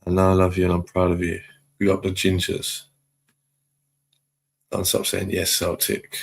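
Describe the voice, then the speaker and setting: A man, chatting casually on a live stream, reading viewer comments aloud and giving relaxed shout-outs. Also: low-pitched, measured pace, gravelly.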